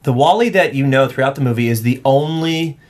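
A man co-hosting a podcast in casual chat, animated and laughing often as he jokes. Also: mid-range voice, brisk. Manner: animated, laughs often, puts on silly voices. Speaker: podcast co-host.

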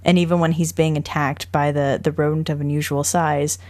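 Animated woman co-hosting a film chat. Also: low voice. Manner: animated, laughs often, quick asides. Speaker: podcast co-host. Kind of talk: casual film discussion.

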